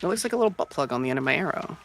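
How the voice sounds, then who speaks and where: A young woman streaming a game, chatting casually and swinging between loud outbursts and quiet mumbles. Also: low-pitched, animated, very fast, a little hiss or hum. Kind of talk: casual chat while gaming.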